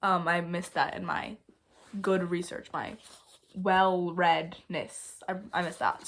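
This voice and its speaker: A young woman hosting a casual vlog, chatty and playful, often mocking herself and jumping between loud and soft. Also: fairly low pitch, little pitch movement, measured pace. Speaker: video host.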